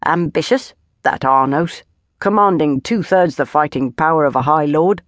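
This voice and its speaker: A woman voicing a dapper, aging male legion valet in an audiobook, speaking quietly and knowingly. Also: low voice, moderate pace, no room sound, studio quality, close to an everyday voice.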